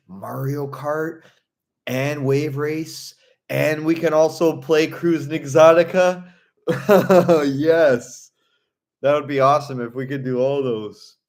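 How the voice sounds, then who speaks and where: A young man streaming, chatting casually about video games in a blunt, profane way and laughing often. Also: mid-range voice.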